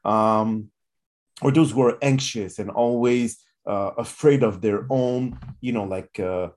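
A man's voice: on the low side, takes it slowly, a little mellow. Hesitant male podcast host. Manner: hesitant, filler-heavy questioning. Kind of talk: casual interview.

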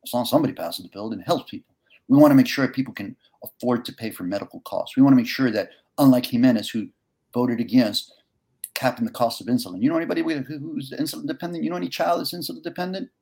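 A man with a rough, gravelly voice speaks with earnest conviction. He tells a gripping personal story, then lays out his political plans with building intensity and punchy repetition. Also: medium pitch, fast talker. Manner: earnest, impassioned, rises to near-shouting. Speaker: congressional candidate. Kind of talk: emotional storytelling and campaign pitch.

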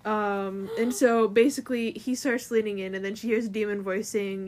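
A woman's voice: mid-range voice, fairly even intonation, moderate pace, hardly any pauses, darkish tone. A young woman co-hosting a casual chat, rambling through a plot recap with lots of fillers. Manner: chatty, rambling, filler-heavy. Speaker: co-host.

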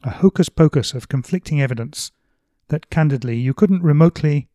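A calm, moderate middle-aged everyman , read aloud by a man makes his case in an earnest, reasoned way. The voice is lifted above a plain speaking tone but stays measured. The sound is dry and close. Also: on the high side, no echo, natural voice. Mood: agreeing. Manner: earnest, reasoned, raised reading voice. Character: mild philosophical middle-aged male everyman. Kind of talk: reading a novel passage aloud.

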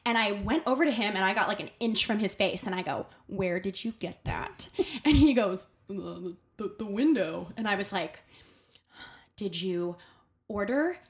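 A young adult woman, a podcast guest, telling a workplace story in a casual, animated way, full of fillers and acted-out quotes. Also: mid-range voice, moderate pace.

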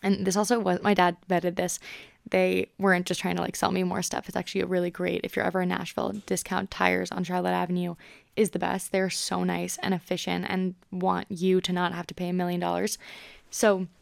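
Chatty young woman with a gravelly voice. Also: lowish voice, monotone, brisk, no room sound. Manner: chatty, upbeat, many "like" fillers. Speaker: podcast host. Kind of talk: casual solo podcast talk.

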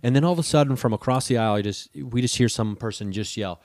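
A man telling a long personal story in casual talk, lively and profane, acting out the people in it. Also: mid-range voice, fast, dry recording, clean studio sound. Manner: animated, swears freely, acts out the people in his story.

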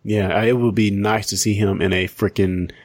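A man hosting a podcast in casual chat, animated and chatty with many restarts and fillers. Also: on the low side, normal speed, no echo. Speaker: podcast host.

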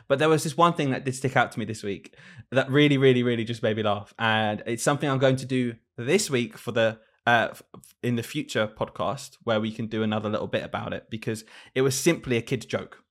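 A man's voice: mid-range voice, fairly quick, hardly any pauses, fairly bright tone. A man, co-hosting a podcast as a teacher, telling classroom stories in a casual chat and laughing often. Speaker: podcast co-host, primary school teacher.

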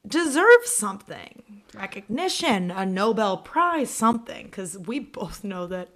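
A woman's voice: medium pitch, very animated, a little slow, fairly bright tone. An American woman co-hosting a history podcast in casual, jokey chat, laughing often. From United States. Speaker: podcast co-host.

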